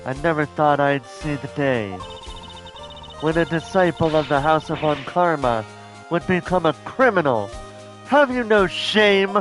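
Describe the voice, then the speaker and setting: A man's voice: a little high, expressive, unhurried, a bit bright, soft background music. A man voicing a haughty female prosecutor. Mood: imperious. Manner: imperious, scolding. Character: haughty young female prosecutor, proud and severe. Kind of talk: fan reading of a game script.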